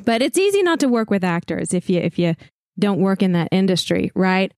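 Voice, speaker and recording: A woman's voice: mid-range voice, expressive, a little fast, a little mellow, no room sound, clean studio sound. A woman playing a tabletop game, riffing in a chatty, exasperated comedic monologue. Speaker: player.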